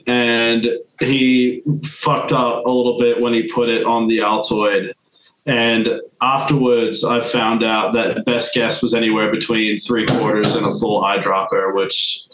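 A man's voice: medium pitch, a bit bright. A young man, a podcast guest, telling a long story in casual chat, rambling with many fillers. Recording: echoey room, faint music.

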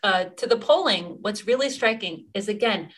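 A woman's voice: medium pitch, expressive, normal speed, fairly bright tone. A middle-aged woman activist answering interview questions earnestly, with many fillers and restarts. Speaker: activist guest.

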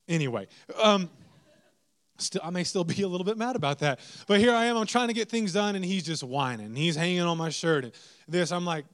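Young male preacher, animated, self-mocking storyteller, slightly high voice. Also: fairly quick. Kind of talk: storytelling sermon.

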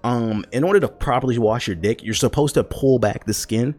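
A grown man ranting loudly and profanely, scolding his audience with emphatic repetition. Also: medium pitch, a little fast. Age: adult. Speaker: vlogger. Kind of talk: profane comedic rant.

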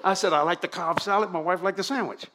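An older man, preaching at a revival, moving from fervent shouted prayer to folksy storytelling. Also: high-pitched, fast talker. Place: church sanctuary.

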